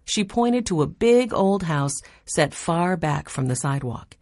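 A woman narrating a children's chapter book in an even storytelling voice. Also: on the low side, unhurried, dry recording, clean studio sound. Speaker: audiobook narrator.

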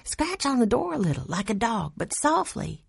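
A woman's voice: fairly high pitch, big pitch swings, moderate pace, creaky, a bit bright, slight background noise, voice pushed up, exaggerated voice. A woman voicing a playful, mischievous young girl in a storybook reading.

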